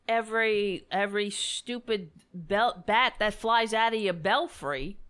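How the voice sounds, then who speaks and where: A woman rants in fed-up, sarcastic commentary, her pitch sitting a bit high and swinging widely. She talks slowly and deliberately and swears freely. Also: a bit bright. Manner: sarcastic, exasperated, profane. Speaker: commentator reacting to clips. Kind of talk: ranting commentary.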